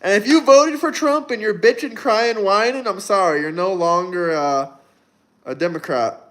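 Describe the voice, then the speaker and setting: Brash, high-voiced young man on a livestream. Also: normal speed, a bit bright. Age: 20s. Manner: brash, mocking, provocative. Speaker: livestream host. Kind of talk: live-stream chat.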